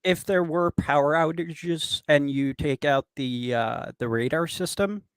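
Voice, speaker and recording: A man from Norway with a nearly American accent, chatting casually with frequent pauses and restarts. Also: fairly high pitch, clean tone, dry recording. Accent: American-sounding English. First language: Norwegian. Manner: hesitant, many "uh"s and restarts. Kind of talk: casual chat.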